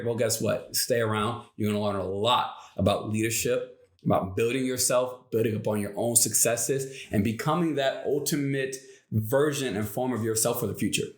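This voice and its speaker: A man talks through a motivational story in a loose, conversational way, often tossing in quick questions to the listener. His voice sits at an ordinary middle pitch. The room around him rings with noticeable echo. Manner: casual, conversational, frequent tag questions. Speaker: motivational video host. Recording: echoey room.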